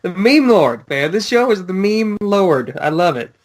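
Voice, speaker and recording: A man's voice: high-pitched, big pitch swings, unhurried. A man co-hosting a podcast in casual chat, joking and enthusiastic. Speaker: podcast co-host.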